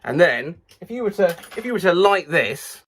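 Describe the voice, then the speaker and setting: Animated man doing exaggerated sound effects. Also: high voice, normal speed. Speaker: comedy YouTuber. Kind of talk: comedic reading of odd sounds and words.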